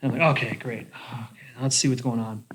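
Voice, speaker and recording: Young male bartender, mid-pitch, casual storyteller, profane and animated. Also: quick pace, background noise. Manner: animated, swears a lot, lots of "like". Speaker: bartender podcast host.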